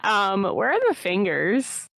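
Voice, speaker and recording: A woman playing a tabletop game, chatting casually with quick, laughing asides. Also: mid-range voice, sing-song, gravelly, fairly bright tone, no echo. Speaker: player.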